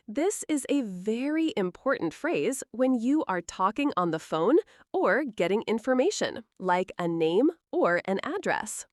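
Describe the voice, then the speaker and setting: A woman teaching everyday English phrases in a slow, clear, encouraging scripted lesson, asking the listener to repeat after her. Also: a little high, very animated, no room sound, studio quality.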